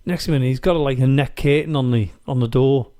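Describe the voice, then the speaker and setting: Man telling a story with mellow warmth. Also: mid-range voice, fast. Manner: animated anecdote-teller, acts out quoted voices, laughs easily. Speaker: podcast host. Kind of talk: casual storytelling chat. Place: studio.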